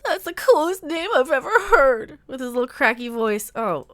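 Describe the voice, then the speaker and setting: A woman hosting a casual live reaction stream, sarcastic, laughing often and bursting into loud exclamations. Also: sits high, expressive, normal speed, hardly any pauses. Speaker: livestream host reacting to a trailer.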